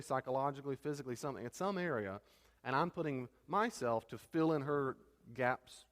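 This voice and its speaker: Man, pastor, church teaching talk, conversational, mid-pitched voice, long hall reverb. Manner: conversational, animated, stumbles over words.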